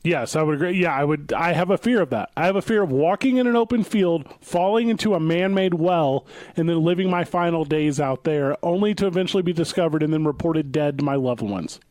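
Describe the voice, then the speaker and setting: A man with a somewhat high voice, co-hosting a podcast in a deadpan, mock-lecturing tone. He is miked close and the sound is dry. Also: brisk, no echo. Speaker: podcast co-host. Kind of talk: casual comedic banter.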